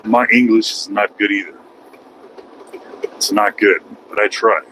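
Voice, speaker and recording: A man's voice: lowish voice, measured pace, background noise. A man vlogging while driving his truck, rambling in a folksy, self-mocking way. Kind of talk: casual driving vlog. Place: truck cab on highway.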